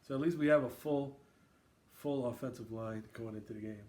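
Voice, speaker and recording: A man's voice: medium pitch, a little fast, a little mellow. A man from Queens hosting a casual sports podcast, riffing and raising toasts. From Queens, New York. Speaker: podcast host.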